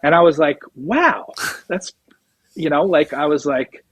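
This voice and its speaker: A man's voice: on the high side, fairly even intonation, moderate pace, no room sound, muffled recording. A middle-aged man, a drummer guest, telling a rambling story and acting out what others said. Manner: rambling anecdotes, acts out quoted dialogue. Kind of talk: casual storytelling interview.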